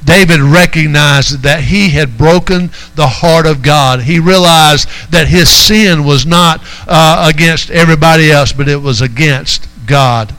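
A man's voice: a little high, unhurried, hardly any pauses, a bit bright, low-quality recording. A man preaching a sermon as pastor, driving his points home and calling out to the congregation. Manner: preaching with rising emphasis and call-outs to the congregation.

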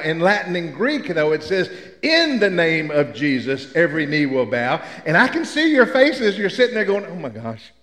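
A man's voice: high voice, a bit bright. An older man from Memphis, preaching a sermon with folksy, humorous storytelling. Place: church sanctuary. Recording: echoey church hall.

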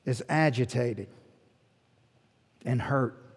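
A man's voice: medium pitch, drawn-out words, breathy edge, in a large hall. A male pastor preaching a sermon in a conversational teaching manner, asking rhetorical questions and restarting phrases. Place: church sanctuary.

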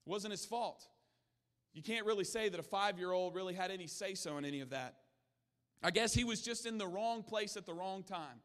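A man's voice: high voice, a little fast, a bit bright, in a large hall. A man preaching a sermon in a church, telling stories earnestly with frequent restarts. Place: church sanctuary.

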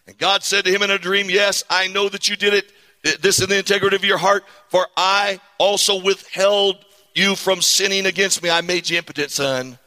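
A man preaching to his congregation, his voice high and very bright. He is animated and keeps calling out for amens. The sound rings with a long hall echo. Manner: animated, calls on the congregation to respond. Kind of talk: sermon. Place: church sanctuary.

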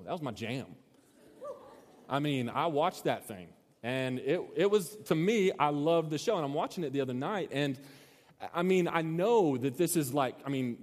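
A man in his thirties preaching a casual sermon as a youth pastor, telling a story with many restarts and asides. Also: on the high side. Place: church hall. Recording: long hall reverb.

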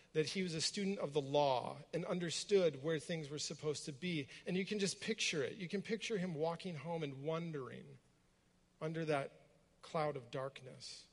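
A man with a somewhat high voice delivers a sermon, walking his listeners through the story and pausing on rhetorical questions. His voice rings out with a long reverb, as in a large hall. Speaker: preacher. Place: room with a gathered congregation.

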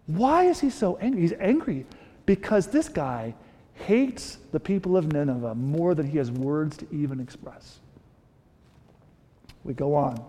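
Male pastor, high-pitched, animated preacher who restarts sentences, recorded in a large echoing hall. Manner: animated, rhetorical questions, frequent restarts. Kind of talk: sermon. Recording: long reverb of a large hall.

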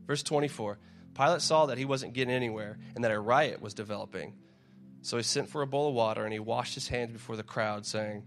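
A fairly quick, mid-range male preacher speaks against soft background music. Conversational in manner, he reads scripture, repeats his words frequently and imitates a crowd shouting.

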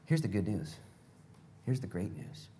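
A man's voice: lowish voice, very animated, a little slow, mellow. A male pastor preaching a sermon in a casual, conversational way, full of rhetorical questions.

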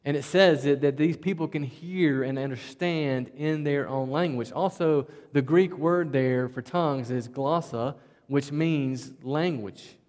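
Folksy Southwest Virginia country preacher. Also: male voice, a little high, unhurried, darkish tone, in a large hall. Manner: folksy, conversational preaching, often says "man" and "right?". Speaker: pastor. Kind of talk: sermon.

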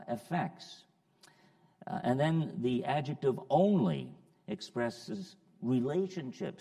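A man teaching a Bible study lesson, working slowly through a verse and repeating key phrases, with many pauses and fillers. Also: a little high, creaky, a little mellow, big-room sound.

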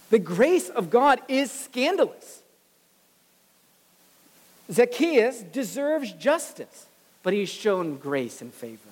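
A pastor delivers a sermon in a middle-pitched voice, animated and expressive, briefly taking on the voices of the people he describes. The sound carries a long reverb, like a big church sanctuary. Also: takes it slowly, long pauses. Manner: animated preaching, acting out quoted voices.

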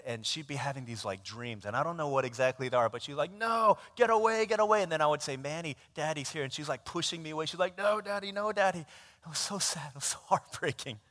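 Brief: male pastor, animated self-mocking storyteller, a bit high-pitched, preaching in an echoing sanctuary. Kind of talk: sermon storytelling. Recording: long church reverb.

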